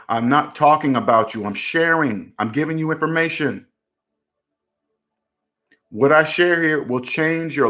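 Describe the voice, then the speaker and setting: A man with a fairly high, pushed, bright voice hosts a personal finance channel. Speaking casually to camera, he talks emphatically and repeats his points to drive them home.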